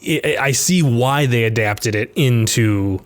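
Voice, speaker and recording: A man's voice: mid-range voice, slow pace. Rambling man chatting about a movie. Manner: rambling, many restarts and filler words. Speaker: podcast co-host. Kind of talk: casual film discussion.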